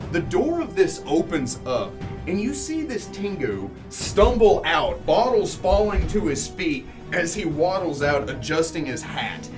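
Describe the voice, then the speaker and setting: A man narrating a tabletop game as game master in a descriptive, relaxed way. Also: medium pitch.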